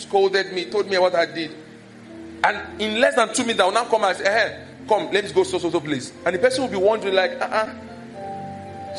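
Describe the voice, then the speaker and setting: A man with a Nigerian accent preaching a sermon as pastor, acting out gossip and scolding in a raised voice. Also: sits high. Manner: animated, acts out scolding and village gossip in raised voice.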